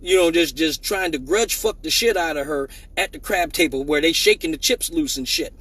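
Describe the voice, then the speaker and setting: A man hosting a live stream, telling a profane story in a lively way and acting out the voices of the people in it, with many restarts. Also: on the high side, moderate pace, creaky, breathy edge, far from the mic. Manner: animated, acts out quoted voices with many restarts.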